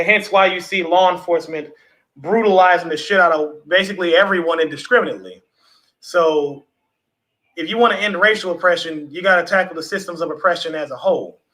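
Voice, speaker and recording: A man's voice: high voice, poor audio. A man hosting a casual livestream, chatting loosely with viewers and swearing now and then. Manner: relaxed, chatty, swears casually, talks to the chat. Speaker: livestream host.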